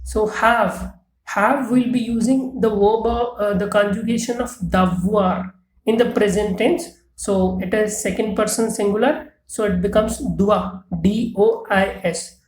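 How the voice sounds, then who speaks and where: A woman's voice: mid-range voice, fairly even intonation, measured pace, darkish tone. A woman teaching French grammar in English, patiently spelling words out letter by letter. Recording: roomy echo.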